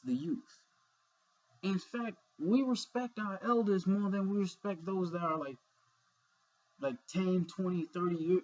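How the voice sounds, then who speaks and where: A man's voice: on the high side, a little mellow, breathy edge, highs cut off. A young man vlogging in a rambling, earnest monologue full of fillers and swearing, sleepy and yawning. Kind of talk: casual monologue.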